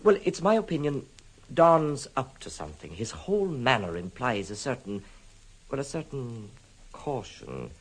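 An actor playing an anxious, formal gentleman worried about his look-alike cousin, in an old radio drama. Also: medium pitch, big pitch swings, a little slow, husky, poor audio. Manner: hesitant, earnest, formal. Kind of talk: 1950s radio drama acting.

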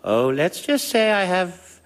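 A fussy elderly vicar. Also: male voice, sits high, very animated, exaggerated voice. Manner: fussy, stammering, quick bursts. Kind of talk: comedy sketch acting.

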